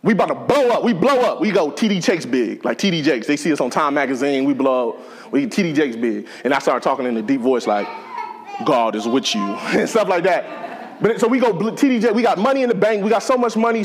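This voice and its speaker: A man's voice: high voice, animated, quick pace, slightly rough. A man preaching a sermon in a conversational, joking way to a church congregation. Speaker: pastor.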